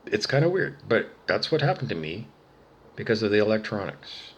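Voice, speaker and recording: A man ranting angrily and profanely to the camera, swinging between low muttering and loud outbursts. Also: sing-song, normal speed, slightly rough, highs cut off. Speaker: vlogger. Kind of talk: angry solo rant to camera.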